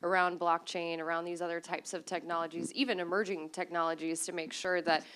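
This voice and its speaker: A woman's voice: on the low side, level tone, fairly quick, a bit bright, clean tone. A woman state legislator answering a question on a panel in an upbeat, conversational way. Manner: upbeat, conversational, many fillers.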